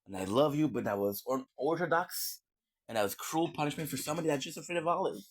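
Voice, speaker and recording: A man's voice: a little high, animated, fast. A man streaming and chatting casually while he eats, joking and rambling with lots of fillers and murmurs of enjoyment. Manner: joking and rambling, with many fillers and food sounds.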